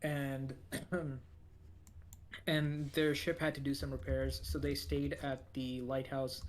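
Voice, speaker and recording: A man's voice: medium pitch, flat delivery, slow, slight background noise. A man co-hosting a podcast, recapping an anime episode in a rambling way, full of fillers and restarts. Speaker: podcast co-host.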